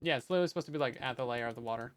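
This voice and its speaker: Rapid-fire and mid-range, a man's voice narrates a casual Minecraft building session. He's a let's play host who chats with his chat and keeps up self-mocking jokes while he plays.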